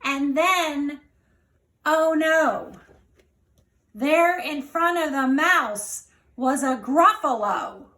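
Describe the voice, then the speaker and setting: A woman reading a children's picture book aloud in a slow, expressive storyteller's manner. Her voice is high and unhurried. The recording has a roomy echo.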